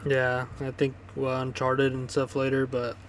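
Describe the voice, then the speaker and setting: A man's voice: medium pitch, completely flat delivery, unhurried, slight background noise. A man co-hosting a music podcast, rambling casually with loose swearing and many fillers. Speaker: podcast co-host. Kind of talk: casual chat.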